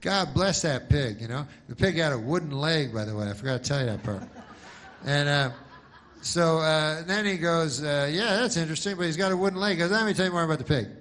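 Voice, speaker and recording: A male comedian telling a long, rambling joke in a slow, meandering deadpan with frequent fillers. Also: on the high side, slight background noise.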